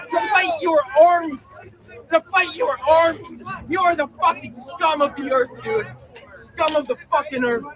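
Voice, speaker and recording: A man with a very high voice shouts and taunts at officers during an outdoor street protest. He swears constantly and mocks them, and a loud crowd roars around him. The recording is rough and crowded. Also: rough recording. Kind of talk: shouted confrontation.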